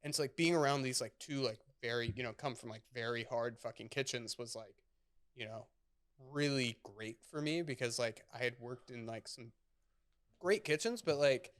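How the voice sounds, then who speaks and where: A man in his thirties talks in a relaxed, rambling way as a guest on a casual chat show, leaning on fillers and swearing freely. His voice sits at an ordinary middle pitch, and it comes across smooth and clear. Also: moderate pace. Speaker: chef, podcast guest.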